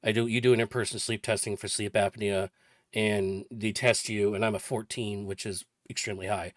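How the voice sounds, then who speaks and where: A man's voice: on the low side, level tone, normal speed, no echo, clean studio sound. A man in his forties casually recounting a personal story for a vlog, chatty and rambling with lots of detail. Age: 40s. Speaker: vlogger.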